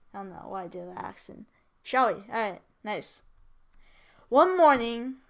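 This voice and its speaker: A woman who teaches English, reading a story aloud in a chatty way, with casual asides and self-corrections. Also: a little high.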